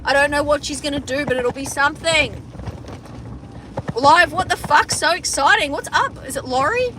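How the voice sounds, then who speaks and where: A young Australian woman livestreams on her phone's front camera from inside a car on a farm, chatting casually with viewers. She swears often and restarts her sentences, her high voice at normal speed over a noisy background.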